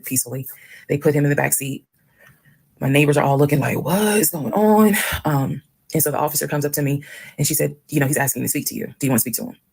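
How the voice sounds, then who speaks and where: A woman telling a personal story in a frank, animated way, acting out the dialogue. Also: low-pitched, very fast, creaky, breathy edge. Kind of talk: casual storytelling.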